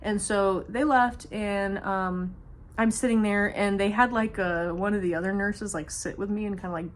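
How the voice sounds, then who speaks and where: A woman's voice: medium pitch, steady tone, normal speed. Woman, vlogger, casual storytime, rambling, nervous humor, mid-range voice. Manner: slips in humor and nervous laughs while telling a hard story; rambling, many fillers and restarts.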